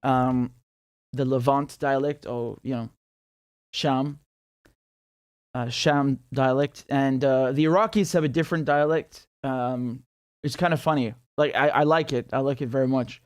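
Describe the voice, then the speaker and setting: A man's voice: mid-range voice, fairly even intonation, a little slow, dry recording, studio quality. A man in a casual, rambling explainer who walks through a map with many fillers and self-corrections and chuckles now and then. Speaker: political commentator.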